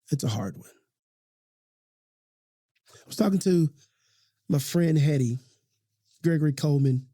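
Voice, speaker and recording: Man, podcast host, gravelly and warm, casual heartfelt talk, studio. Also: a little high, dry recording. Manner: passionate, conversational, slangy, repeats himself. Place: recording studio.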